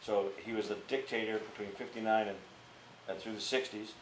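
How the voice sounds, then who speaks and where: An older man, a theater actor, telling stories in an interview in a blunt, profane, animated way. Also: fairly low pitch, brisk. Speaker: interviewee, Mime Troupe actor. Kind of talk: casual storytelling interview. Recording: echoey room with faint background noise.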